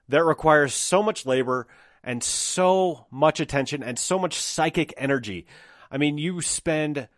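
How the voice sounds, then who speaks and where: A man in an easygoing solo monologue, mid-pitched and conversational. He jokes freely and swears casually, like a host talking straight to his listeners. The sound is dry and close, with no room around it. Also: no echo. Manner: chatty and joking, casual swearing.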